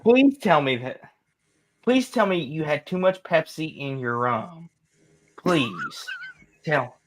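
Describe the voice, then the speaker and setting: A man's voice: on the high side, animated, slow pace, noisy background. A young man co-hosting a casual sports livestream, teasing his friends and laughing as he talks. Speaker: co-host.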